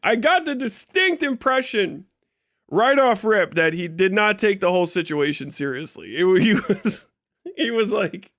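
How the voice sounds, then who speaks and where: A streamer from Kentucky spins a story in an animated, expletive-heavy way. His voice sits a touch high for a man. The sound is dry and close, with no room around it. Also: normal speed, creaky, no room sound. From Kentucky, USA. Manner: profane, animated retelling, frequent laughs. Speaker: live streamer. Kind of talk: casual storytelling on a livestream.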